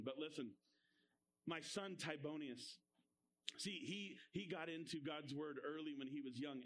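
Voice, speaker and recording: A middle-aged man preaching a lively sermon to kids, acting out a story and having the audience repeat lines back. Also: a little high, a little hiss or hum, poor audio. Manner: energetic, calls for audience repeat-backs. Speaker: youth pastor. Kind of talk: kids' sermon with live demonstration. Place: indoor room with audience.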